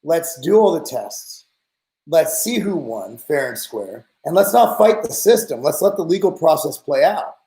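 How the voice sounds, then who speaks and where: Podcast host, man in his forties, high-pitched, blunt exasperated rant, echoey room. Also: very animated, unhurried, mellow. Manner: blunt, profane, exasperated ranting.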